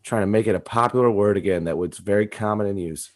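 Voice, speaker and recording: A man's voice: fairly low pitch, quick pace. A man co-hosting a comedy podcast, chatting casually in a rambling, joking way and swearing freely. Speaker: podcast co-host.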